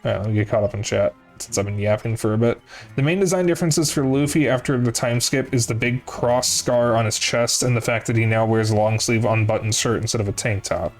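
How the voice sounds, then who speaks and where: A man's voice: mid-range voice, brisk. Young guy rambling on stream, mid voice, bit of music going underneath. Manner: rambling, self-correcting, casually profane. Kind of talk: casual chat to a live chat. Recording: faint music behind voice.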